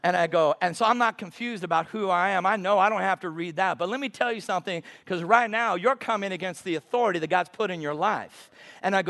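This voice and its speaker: A man with a notably high voice preaches with emphasis, stretching out his scripture quotes. He sounds middle-aged and speaks as a guest preacher. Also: expressive, fairly quick, fairly bright tone. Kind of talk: sermon.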